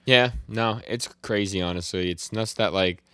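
A man's voice: lowish voice, moderate pace, pushed and bright, no echo. A man co-hosting a casual podcast, animatedly retelling scenes and acting out the characters' lines. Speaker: podcast co-host. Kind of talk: casual chat recapping manga.

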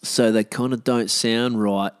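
A man's voice: medium pitch, steady tone, unhurried, smooth. A man with an Australian accent, talking casually in a rambling, self-deprecating way with many fillers and restarts. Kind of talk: casual monologue.

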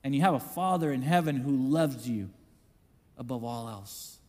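A man preaching a sermon in an animated way, acting out the voices he quotes. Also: medium pitch, moderate pace, long reverb tail. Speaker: pastor.

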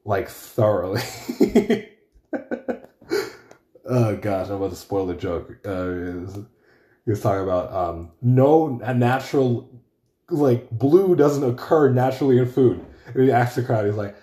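A man's voice: medium pitch, measured pace, dark tone. Rambling, profane young man. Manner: rambling, profane, self-correcting. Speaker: podcast host. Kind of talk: casual solo monologue. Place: room at home. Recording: roomy echoey room.

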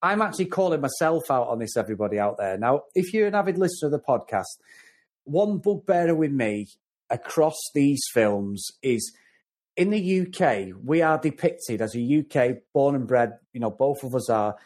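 A man's voice: mid-range voice, expressive, normal speed, a little mellow. A man with a Mancunian accent from the north of England, co-hosting a casual film review podcast and talking in long, rambling runs with repeated words. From North West England. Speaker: podcast co-host.

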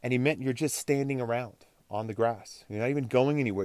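A man's voice: mid-range voice, fairly quick, darkish tone, no echo. A middle-aged man from Texas hosting a solo podcast, talking in a casual, rambling, self-deprecating way. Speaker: podcast host.

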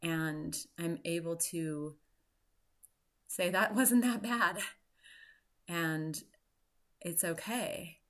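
A woman in her forties, a podcast host, telling a personal story in an earnest, reflective way with soft laughs. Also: fairly low pitch, extremely slow, pauses often. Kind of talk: personal story and motivational talk.

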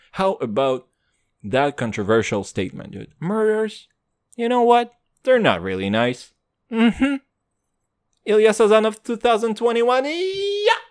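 A man delivering a rambling stand-up bit in borrowed hip-hop slang, English not his first language. He drawls slowly but his pitch leaps all over. He swings from shouted punchlines to low, half-muttered asides. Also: no room sound, studio quality. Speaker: stand-up comedian. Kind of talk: stand-up comedy monologue.

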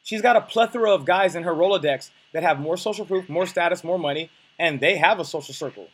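A young man coaching in a blunt, profane, offhand way, often restarting his sentences. His voice is a little high and husky, and he talks at a quick clip. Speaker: dating coach. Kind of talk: casual coaching explanation.

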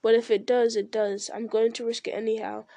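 A woman's voice: on the high side, level tone, a little fast, gravelly, dark tone, no room sound. A woman voicing a stubborn, plain-spoken male servant with folksy, rustic speech.

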